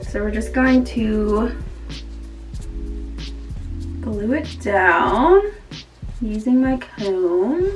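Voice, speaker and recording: A woman's voice: mid-range voice, fairly bright tone, distant mic. A woman chatting casually to camera as a beauty vlogger, rambling with lots of fillers.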